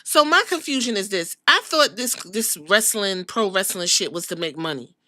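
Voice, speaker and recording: A woman's voice: medium pitch, moderate pace, dry recording, studio quality. Profane ranting woman podcaster. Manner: profane, incredulous, animated ranting. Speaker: podcast host. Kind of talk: casual commentary rant.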